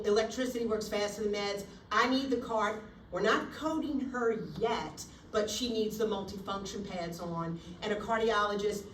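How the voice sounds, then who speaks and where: A woman nursing instructor lectures with theatrical flair and acts out scenes at the bedside. Her voice carries through an echoey room and comes from a distance. A faint hum of the room sits behind her. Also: mid-range voice. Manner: animated, theatrical, acts out scenarios. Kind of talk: classroom lecture. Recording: echoey room, recorded from afar.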